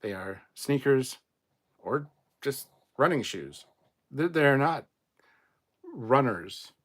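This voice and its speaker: A man's voice: medium pitch, animated, slow pace. A man from Canada reading out viewer comments in a casual live chat, blunt and rambling, swearing freely.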